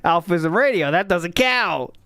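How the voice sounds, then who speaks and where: A man's voice: high-pitched, measured pace, a little hiss or hum. A man hosting a podcast, giving a mocking reaction commentary full of laughs. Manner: laughing, mocking, animated riffing. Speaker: podcast host.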